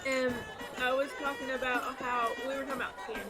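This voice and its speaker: Animated high-voiced woman telling a story. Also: fast talker, loud music behind the voice, low-quality recording. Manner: animated, self-deprecating, laughs while telling stories. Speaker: podcast co-host. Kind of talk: casual storytelling chat.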